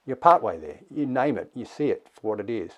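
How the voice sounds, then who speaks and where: Reflective male meditation teacher, slow pace. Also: medium pitch, expressive, muffled recording, a little hiss or hum. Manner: slow, reflective, with thoughtful pauses. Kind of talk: dharma talk.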